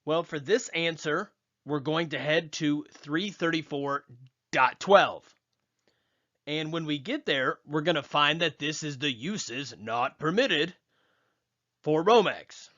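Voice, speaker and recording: A man putting on a slow, bright put-on accent. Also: a little high. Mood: playful. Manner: measured, spelled-out code answers. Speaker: electrical exam coach. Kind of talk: code question explainer. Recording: dull lo-fi old video.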